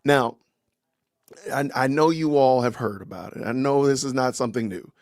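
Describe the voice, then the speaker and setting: A man hosting a casual livestream podcast, greeting viewers warmly and chatting with his guest in an upbeat way. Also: medium pitch, moderate pace, dry recording, studio quality. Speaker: podcast host.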